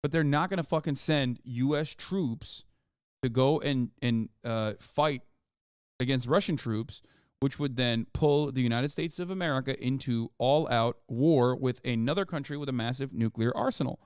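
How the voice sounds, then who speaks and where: A man's voice: medium pitch, normal speed, clean tone, no echo, studio quality. A man streaming live, reading news aloud and reacting with profane, exasperated rants.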